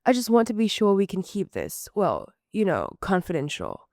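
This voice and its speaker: A woman's voice: medium pitch, wildly swooping pitch, normal speed, darkish tone, no room sound, clean studio sound. A woman voicing a poised, polite woman patron in her late forties with a transatlantic British-American accent, speaking effusively. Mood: gracious. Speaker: student reader. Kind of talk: amateur story reading.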